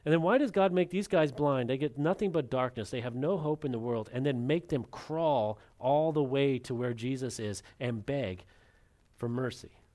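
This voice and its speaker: A man preaching a sermon as pastor, acting out the quotes and swinging between loud emphasis and hushed, dropped lines. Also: medium pitch, normal speed.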